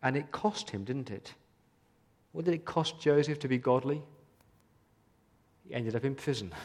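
A man's voice: medium pitch, normal speed. A man preaching a sermon as a pastor, earnest and pleading, asking many questions of his listeners. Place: church hall. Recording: long hall reverb.

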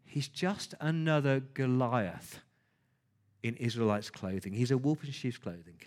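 A man's voice: medium pitch, a little slow, darkish tone. A man preaching a sermon, emphatic, with rhetorical questions and words repeated for stress.

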